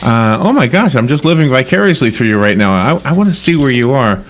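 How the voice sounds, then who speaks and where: Animated, chatty male radio host. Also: mid-range voice, fast. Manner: chatty, rambling, self-interrupting. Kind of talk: casual radio interview.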